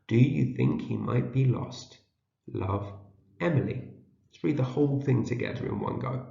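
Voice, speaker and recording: A patient teacher's voice, a man leading children through a story one word at a time. His low voice has a gravelly edge, and the slightly dull sound carries the echo of a room. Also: lively intonation, moderate pace, dark tone. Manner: reads word by word, repeating each word for learners to echo. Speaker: teacher leading a shared reading. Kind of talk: slow, patient read-aloud lesson for young children. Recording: dull, roomy home video.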